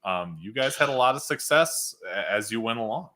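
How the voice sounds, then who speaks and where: Bright-voiced male host, halting. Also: on the low side, expressive. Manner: halting, repeats words when starting. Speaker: podcast host. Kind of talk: casual interview chat.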